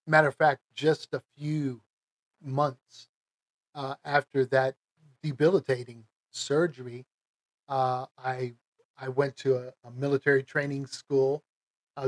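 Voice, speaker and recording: A middle-aged man from the United States, telling a personal story in a casual, emotional, halting way, with many restarts. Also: mid-range voice, no room sound. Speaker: vlogger.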